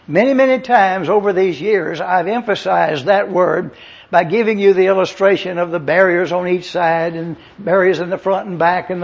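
An older man preaching a teaching sermon as pastor, slowly explaining words and spelling them out letter by letter. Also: high voice, gravelly, darkish tone, breathy edge, muffled recording. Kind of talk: expository sermon.

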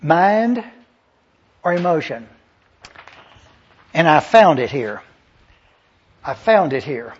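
A man's voice: a little high, very animated, slow, long pauses, husky. A man preaching a sermon, emphatic, repeating key phrases and checking that listeners follow. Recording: dull lo-fi sermon recording.

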